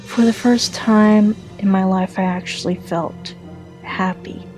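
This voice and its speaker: A woman narrating a dark first-person pony story in an earnest, slightly halting reading. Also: mid-range voice, steady tone, faint music behind, low-quality recording.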